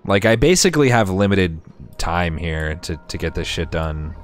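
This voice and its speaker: A man's voice: sits low, sing-song, normal speed, faint music behind. A man streamer giving casual gameplay commentary, chatty and sarcastic with himself, swearing often.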